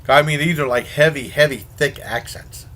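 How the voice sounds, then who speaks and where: A man reviews horror films in an easygoing, rambling way, stumbling over his words and filling pauses with fillers. His voice sits a little high and has a bright, forward edge. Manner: rambling, self-correcting, many fillers. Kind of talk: casual spoken movie review.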